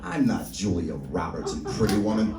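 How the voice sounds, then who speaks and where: A man's voice: deep voice, big pitch swings, normal speed, distant mic, heavy background noise. A man doing a stand-up set on a comedy club stage, wry and self-mocking. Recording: roomy club sound from afar. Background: audience laughter.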